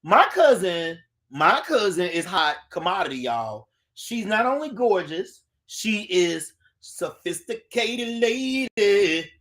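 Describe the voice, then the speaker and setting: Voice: mid-range voice, big pitch swings, takes it slowly, fairly bright tone. An adult host chatting casually on a live stream, greeting viewers by name and reading their comments aloud, recorded on a phone.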